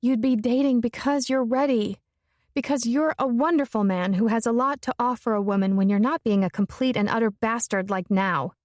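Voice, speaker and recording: A woman's voice: fairly high pitch, moderate pace, darkish tone, no echo, studio quality, voice pushed up, natural voice. A woman narrator voicing a blunt, fiery young woman, speaking emphatically and forthrightly.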